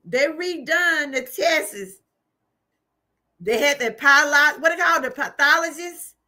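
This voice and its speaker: Woman host, slow and emphatic, bright sound, livestream testimony. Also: high-pitched. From Georgia, US. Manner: emphatic, repetitive, preacherly. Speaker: channel host.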